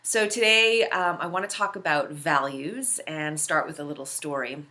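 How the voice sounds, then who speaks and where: A woman's voice: deep voice, normal speed, pushed and bright. A woman hosting a video series, telling a personal story in a casual, earnest way with many filler words. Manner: conversational, heavy use of filler words; earnest, reflective. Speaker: host.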